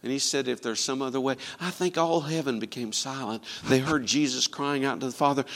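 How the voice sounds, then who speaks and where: A man preaching a sermon, quoting scripture and swinging from loud, ringing lines to hushed ones. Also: medium pitch, normal speed, few pauses, in a large hall.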